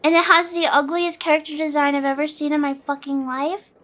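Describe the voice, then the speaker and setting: A woman's voice: high voice, flat delivery, a little fast, fairly bright tone. A young woman streamer chatting casually, rambling with lots of fillers and swearing freely. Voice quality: sleepy.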